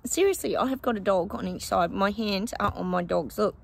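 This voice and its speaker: A woman's voice: mid-range voice, brisk, vocal fry, background noise. A woman chatting casually to her viewers in a rambling way, filming on a handheld phone outdoors in her backyard. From Australia. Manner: chatty and rambling, breaks into snippets of song. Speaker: psychic vlogger.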